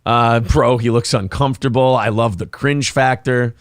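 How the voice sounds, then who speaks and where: A man's voice: mid-range voice, fairly even intonation, normal speed, no room sound, clean studio sound. A man co-hosting a casual talk show, laughing often and swearing freely as he talks. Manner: laughing, profane banter. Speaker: co-host. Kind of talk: casual chat.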